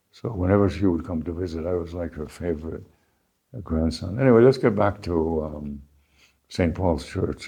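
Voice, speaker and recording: Older man with a low, gravelly voice. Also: warm tone. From United States. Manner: unhurried, with pauses and restarts. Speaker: interviewee, founding principal. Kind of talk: reflective personal storytelling.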